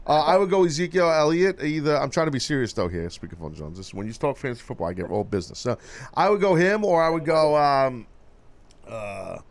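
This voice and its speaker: A male radio host with a gravelly voice and lively, swooping pitch. He is loud and teasing, keeps up a steady stream of casual studio banter, and talks right over his callers. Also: brisk.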